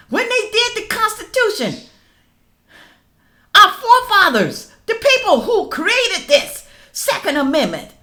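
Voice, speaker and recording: A middle-aged woman giving casual reaction commentary, reading news aloud and calling out to viewers as y'all, rising to loud emphatic questions. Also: very high voice. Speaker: political commentary vlogger.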